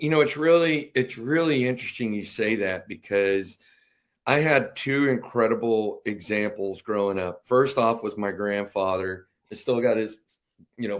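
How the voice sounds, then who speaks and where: A middle-aged man, a veteran guest on a podcast, telling stories animatedly and acting out family members' voices. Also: on the low side. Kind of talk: casual storytelling interview.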